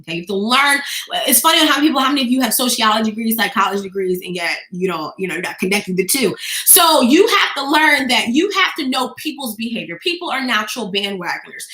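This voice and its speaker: A woman business coach giving an energetic, talkative motivational talk to the camera, emphatic and peppered with "okay?". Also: fairly high pitch, roomy sound.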